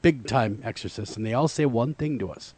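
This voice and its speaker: A male radio host in casual chat, with a mid-pitched voice and a dry, close sound. He jokes easily and asks follow-up questions. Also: brisk, darkish tone, no echo.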